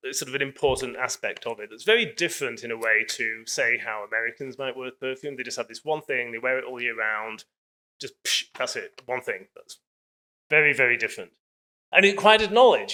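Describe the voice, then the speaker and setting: Casting note: male lecturer, bright tone, loose and digressive delivery with many hedges. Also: mid-range voice. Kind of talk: public lecture.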